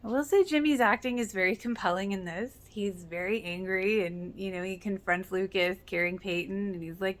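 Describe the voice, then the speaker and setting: A woman's voice: mid-range voice, fairly even intonation, moderate pace, hardly any pauses. A woman giving casual reaction commentary, earnest and emotional, with many fillers. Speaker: reaction video host.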